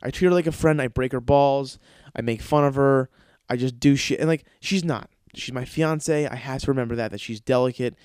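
A man hosting a podcast, telling long rambling stories in a casual, profane way, often breaking into high-pitched voices to act out other people. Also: a little fast, a little mellow, clean tone, no room sound, clean studio sound. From lives in Los Angeles. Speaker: podcast host. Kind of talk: casual storytelling monologue.

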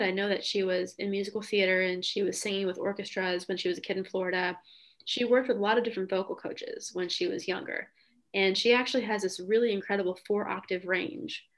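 A young woman hosts a relaxed podcast conversation. She talks with eager enthusiasm, her sentences full of "um" and "like" as she gushes along. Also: mid-range voice. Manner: enthusiastic, lots of "um" and "like". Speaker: podcast host. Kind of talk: casual chat.

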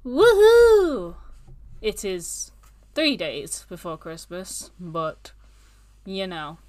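A woman's voice: lowish voice, slow, fairly bright tone. A woman co-hosting a podcast, chatting casually and rambling from one point to the next. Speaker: podcast co-host. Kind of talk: casual chat.

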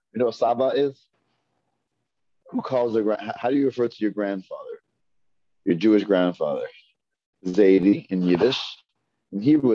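A man teaching a Hebrew reading class, patiently repeating words slowly and asking his students questions. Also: fairly low pitch, mellow, dry recording. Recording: dull lo-fi dry recording.

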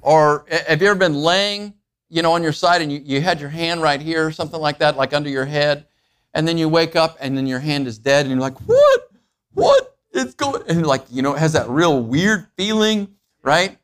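Delivering a conversational sermon, this pastor poses questions to his listeners and plays out everyday scenes, his pitch leaping animatedly. He speaks briskly in a clean-toned voice.

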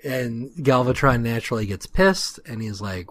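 A man's voice: medium pitch, lively intonation, normal speed. A man co-hosting a podcast, recapping a comic in casual chat with wry, dry asides. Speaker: podcast co-host.

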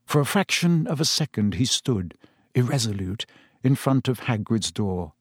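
A man reading a fantasy novel aloud in steady, measured storytelling narration. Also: mid-range voice, breathy edge, no echo, studio quality. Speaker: audiobook narrator. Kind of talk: scripted narration.

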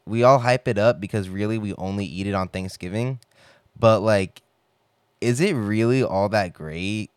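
A man's voice: on the low side, no room sound. A young man rambling in a casual, profane monologue full of filler words.

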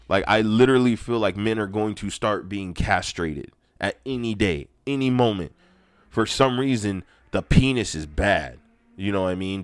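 A man's voice: mid-range voice, no room sound. Young male host, ranting monologue, heated and cursing, close dry mic. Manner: heated, profane, emphatic. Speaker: podcast host.

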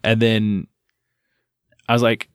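A man with a fairly low voice chatting in an easygoing, unhurried way, retelling his experiences and quoting his own thoughts along the way. The recording is close and dry. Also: clear, resonant tone, dry recording. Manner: relaxed storyteller, quotes his own thoughts. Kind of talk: casual chat.

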